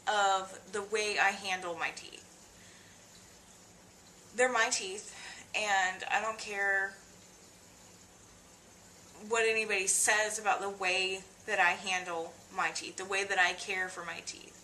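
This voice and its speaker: A woman's voice: medium pitch, little pitch movement, slow, pauses often, pushed and bright, slight background noise. A young woman telling a personal story in a video diary, confiding and emotional, with many fillers and restarts. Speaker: vlogger.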